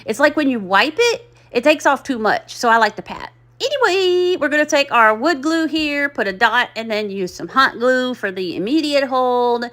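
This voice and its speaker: A woman's voice: fairly high pitch, animated, normal speed, few pauses, a bit bright. A middle-aged woman, chatting in a rambling, folksy, self-deprecating way as she narrates her craft project. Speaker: craft channel host. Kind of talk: chatty DIY voice-over.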